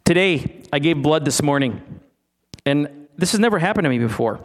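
A man's voice: on the high side, expressive, a little fast. A middle-aged man preaching a sermon in a conversational way, stumbling over restarts and asking his listeners questions. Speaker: pastor.

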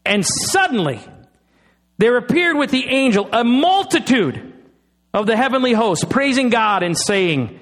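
A middle-aged man delivers a sermon as a pastor, his voice sitting high for a man. He leans on dramatic pauses and draws out the key phrases slowly. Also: sing-song, a bit bright.

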